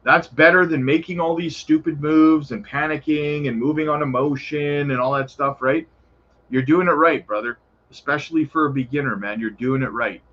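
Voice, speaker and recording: A man's voice: on the high side, moderate pace, a bit bright, lo-fi sound. A man hosting a casual crypto livestream, answering viewer questions in a laid-back, chummy way and calling viewers brother. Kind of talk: casual live chat reading viewer questions.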